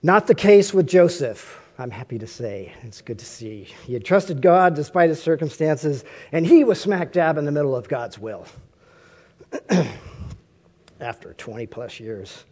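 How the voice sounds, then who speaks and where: A man's voice: on the high side, expressive, measured pace, a little mellow. A man preaching a conversational sermon, often asking his listeners rhetorical questions.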